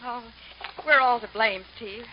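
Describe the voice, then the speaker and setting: A woman's voice: fairly high pitch, measured pace, natural voice. An actress playing a compassionate young woman reporter who speaks earnestly and with moral concern in an old radio drama. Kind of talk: 1950s radio drama acting. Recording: dull lo-fi old radio broadcast, faint hiss.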